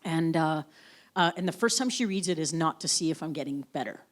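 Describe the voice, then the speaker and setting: A woman's voice: low voice, lively intonation, fairly quick. A woman from the Yukon, an author in an onstage conversation, telling frank family anecdotes with casual swearing. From Yukon, Canada. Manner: anecdotal storyteller, frank and profane. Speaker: author guest. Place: live event on stage.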